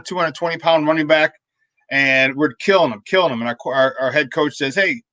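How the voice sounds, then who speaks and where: Bright-voiced sports talk host. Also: male voice, fairly high pitch, no room sound. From Chicago. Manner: rambling, animated anecdotes with restarts. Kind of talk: casual sports talk storytelling.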